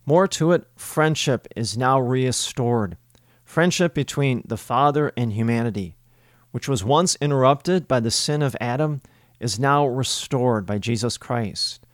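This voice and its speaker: A man giving a homily as a priest, speaking in a measured, emphatic way with deliberate pauses. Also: medium pitch, dry recording, studio quality.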